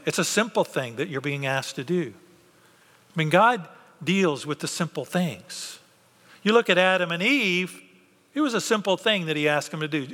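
A man preaching a sermon in a lively way, acting out the voices of biblical characters. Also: a little high, moderate pace. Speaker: pastor. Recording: long hall reverb.

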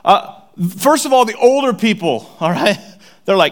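A man preaching a sermon, animated and conversational, swinging from loud excitement to hushed near-whispers. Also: high voice, moderate pace. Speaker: pastor.

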